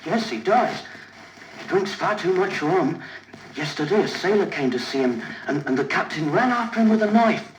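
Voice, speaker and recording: A man's voice: high-pitched, animated, normal speed, a little hiss or hum. An actor playing an earnest young boy, the innkeeper's son, on a vintage children's story record. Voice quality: eager, polite. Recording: echoey vintage vinyl with music behind.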